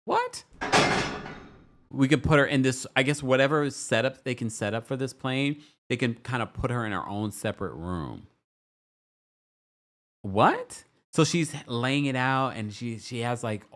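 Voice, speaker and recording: A young man hosting a casual show recap, sassy and animated, who jumps into a high voice when he quotes people. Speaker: recap host.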